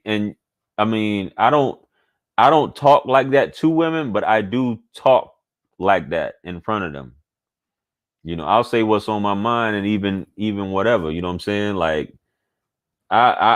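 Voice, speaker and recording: A man, talking candidly and casually to his audience as a channel host, repeating points for emphasis. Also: lowish voice. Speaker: channel host giving dating advice. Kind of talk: casual monologue to camera.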